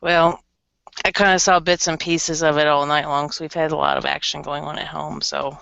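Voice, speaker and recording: A woman's voice: low voice, level tone, moderate pace, vocal fry, a bit bright, no echo. A woman joining a casual podcast discussion as a panelist, talking informally. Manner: informal, unsure if her mic works. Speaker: guest panelist. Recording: dry, dull lo-fi audio.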